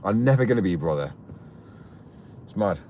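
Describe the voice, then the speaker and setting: This man's voice sits low and sounds darkish, animated, and fairly quick, with a little hiss or hum in the background. He is ranting heatedly on a live stream he hosts from a vehicle, indignant and repetitive.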